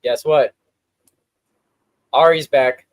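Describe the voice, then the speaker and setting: Slow-talking man on a video call. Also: medium pitch, fairly even intonation, slight background noise. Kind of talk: casual livestream chat.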